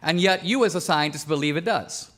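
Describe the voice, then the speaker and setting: A man from India debating on stage, his voice sitting a little high. He argues in a pressing, methodical way, stacking question on question. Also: a little fast, fairly bright tone. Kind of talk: public debate.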